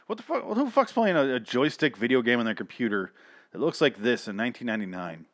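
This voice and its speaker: A man's voice: medium pitch, lively intonation, fast talker, no room sound, clean studio sound. A man giving casual, rambling, sarcastic review commentary on cartoon episodes, swearing freely.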